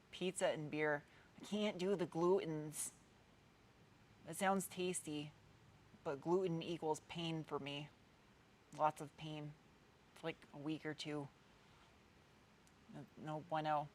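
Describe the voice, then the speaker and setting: A woman's voice: lowish voice, a bit bright. A woman in her thirties with a New England accent, chatting casually and rambling as she answers viewers' comments during a live stream. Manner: chatty, rambling, meandering with frequent restarts. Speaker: car channel host.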